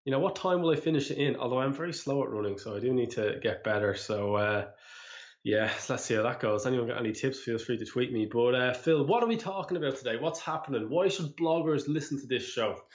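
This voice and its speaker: A man's voice: medium pitch, a little fast. Easygoing man hosting, slightly dull audio. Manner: jokey, easygoing, asks questions. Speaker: podcast host. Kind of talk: casual podcast chat.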